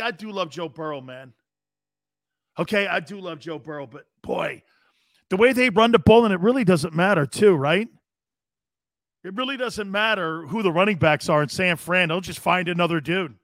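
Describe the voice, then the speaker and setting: A man hosting a sports talk show, telling rambling, profane stories in a loud, brash way. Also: high-pitched, no room sound, studio quality. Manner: loud, brash, profane storytelling with acted-out quotes.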